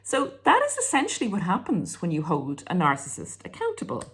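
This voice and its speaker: A woman's voice: lowish voice, a little fast. A woman giving a casual explanatory monologue, acting out snippets of dialogue as she goes. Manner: animated, acts out quoted dialogue. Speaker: relationship commentator.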